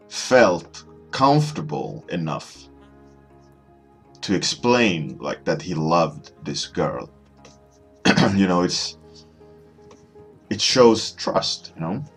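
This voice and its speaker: A man in his thirties, an artist chatting casually as he works, rambling and halting with many restarts. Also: sits low, husky. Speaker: artist streaming a warmup session. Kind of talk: casual storytelling while working.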